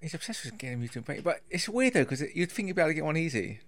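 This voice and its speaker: A man joining a relaxed podcast conversation. He throws in short remarks and agreement while his co-host leads the recap. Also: on the high side, rapid-fire. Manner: chiming in with short agreements and jokes. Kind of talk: casual chat.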